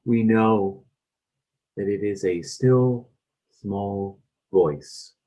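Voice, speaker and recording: A man with a Canadian accent preaching a sermon in a church, gentle and reflective. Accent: Canadian English. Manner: slow, gentle and reflective with wide swings in pitch and loudness. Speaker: pastor.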